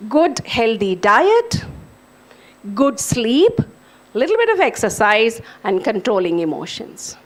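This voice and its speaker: Middle-aged woman professor, lively high voice, earnest talk to students. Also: slow. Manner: animated, earnest, addresses students directly. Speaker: English professor giving a talk. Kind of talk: lecture to students. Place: lecture hall.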